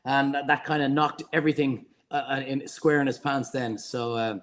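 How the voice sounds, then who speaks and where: A middle-aged Irish man, a guest chef, telling rambling, animated anecdotes in a casual interview. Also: medium pitch, normal speed, slight background noise. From Ireland.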